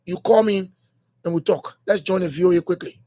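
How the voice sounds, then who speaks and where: High-voiced Liberian radio host musing aloud. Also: male voice, a little fast, warm tone. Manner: rambling, repeats phrases, many fillers and restarts. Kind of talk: morning radio talk show monologue. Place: radio studio.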